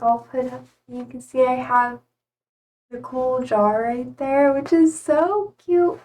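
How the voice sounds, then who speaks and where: A young woman with a slightly high voice rambles through a casual live-stream chat, fighting back tears as she talks. She sits a little back from the microphone, so her voice comes across with some distance. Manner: rambling, emotional, close to tears. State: tearful, trying not to cry. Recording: speaking from a distance to the mic.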